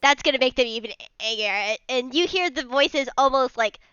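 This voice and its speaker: A woman's voice: high-pitched, normal speed, pushed and bright, clean tone, dry recording, highs cut off. A woman playing a tabletop game, describing her character's moves in a casual way, often saying "like". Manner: casual, hedging with "like". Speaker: player.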